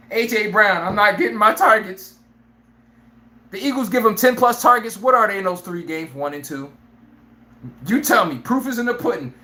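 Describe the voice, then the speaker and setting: Brash, laughing live sports-stream host. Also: male voice, sits high, roomy sound. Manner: brash, animated, laughs often, acts out players' lines. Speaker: sports talk show host.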